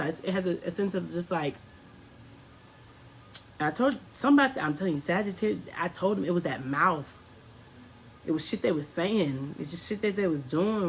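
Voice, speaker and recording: A woman's voice: lowish voice, animated, normal speed, a little hiss or hum. A woman giving a casual spiritual talk to her viewers, in the manner of a spiritual coach. She hammers home her points with repeated rhetorical questions. She uses blunt, profane slang. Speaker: spiritual coach and astrology reader.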